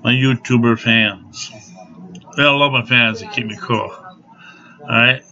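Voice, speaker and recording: Brief: male vlogger, slow and sharp-edged, profane angry rant with laughs, on a dull lo-fi recording. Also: mid-range voice. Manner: laughs through the anger. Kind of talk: ranting to camera.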